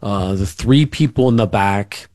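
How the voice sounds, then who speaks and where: A man's voice: on the low side, measured pace, darkish tone, no echo, clean studio sound. A middle-aged man, a radio interview guest, telling family stories in a rambling way with many fillers and restarts. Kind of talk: casual storytelling.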